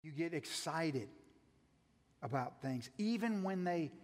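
A man, a pastor, preaching a sermon, putting many questions to his listeners and moving between raised emphasis and soft asides. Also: a little high, lively intonation, slow pace. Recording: long reverb of a large hall.

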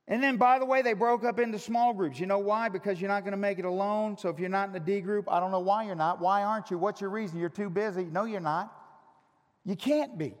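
A male pastor preaching a sermon, teasing his congregation and swinging from loud shouts to hushed, drawn-out emphasis. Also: sits high. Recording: long reverb of a large hall.

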